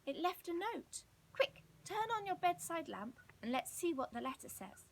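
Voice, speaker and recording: A woman's voice: very high voice, very animated, normal speed, creaky, pitched above the performer's own voice, exaggerated voice. A woman doing a sensible, earnest storybook boy. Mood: eager. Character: cautious, sensible young boy.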